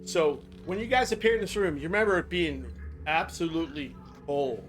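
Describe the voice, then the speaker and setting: Older man game master, a bit high. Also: fairly quick, faint music behind. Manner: relaxed, rambling, chuckling. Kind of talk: running a tabletop game over voice chat. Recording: noisy voice-chat recording.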